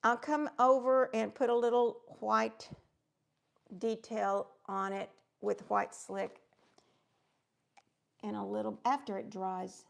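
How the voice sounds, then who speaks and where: A woman's voice: mid-range voice, level tone, slow, gravelly, long pauses. A middle-aged woman, chatting through a craft demonstration livestream and greeting viewers by name.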